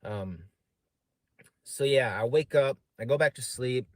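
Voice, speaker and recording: A man's voice: medium pitch, a little slow, dry recording. A man casually telling a long story on a live stream, rambling with many fillers and frequent swearing.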